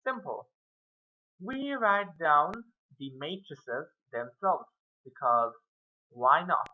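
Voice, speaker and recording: A man's voice: a little high, very animated, slow, phone-quality sound. A man giving a casual whiteboard math lesson, rambling and muttering self-mocking asides as he works through the steps. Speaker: math tutor.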